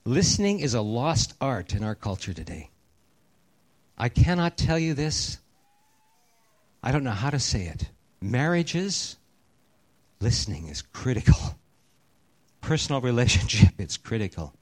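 A middle-aged man preaching a sermon, telling a personal story earnestly and sinking to a hushed, slow voice for the serious parts. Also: medium pitch, sing-song. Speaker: pastor.

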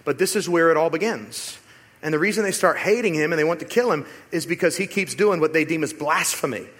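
A man preaching a sermon as pastor in a church, animated and rhetorical, sometimes acting out other voices. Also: fairly high pitch, fairly quick, breathy edge. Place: church sanctuary. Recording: long hall reverb.

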